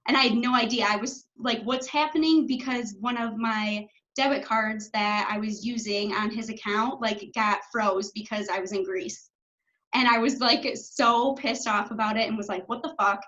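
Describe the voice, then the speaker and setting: A chatty young woman in her twenties with a fairly high voice talks with a group over a video call. Her speech is loose and full of "like," and she swears when she gets fired up. The call audio is dull and lo-fi. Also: fairly even intonation, normal speed, fairly bright tone. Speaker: coach. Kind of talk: casual talk on a video call.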